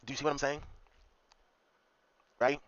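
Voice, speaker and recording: A man delivers a rambling, profane commentary rant, circling back over his points and checking in with the listener again and again. His voice sits at an ordinary pitch for a man. The recording sounds dull and lo-fi, and it is dry, with no room echo. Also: level tone, normal speed, a bit bright. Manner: profane, repetitive, keeps asking "okay?". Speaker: commentary vlogger. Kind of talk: ranting commentary monologue.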